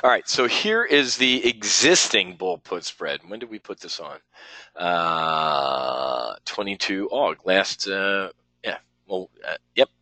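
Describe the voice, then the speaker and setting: A man's voice: low-pitched, animated, takes it slowly, pushed and bright, dry recording, poor audio. A man running a live options trading webinar, talking bluntly and rambling with some profanity as he works through trades on screen.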